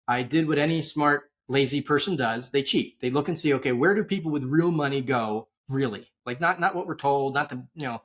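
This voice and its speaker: A middle-aged man, a wealth manager and interview guest, telling stories in a rambling, chatty way with lots of tangents, talking over a video call. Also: a little high. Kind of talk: casual storytelling interview.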